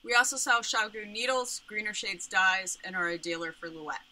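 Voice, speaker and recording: Bright-voiced woman presenting yarn products. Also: mid-range voice, moderate pace, slight background noise, poor audio. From Pittsburgh area. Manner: explanatory, with frequent ums. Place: home studio, indoors.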